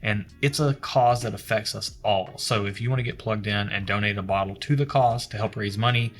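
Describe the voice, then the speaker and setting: A man's voice: on the low side, a little fast. A man co-hosting a whiskey review show, chatting casually and joking with his co-host. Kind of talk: casual chat.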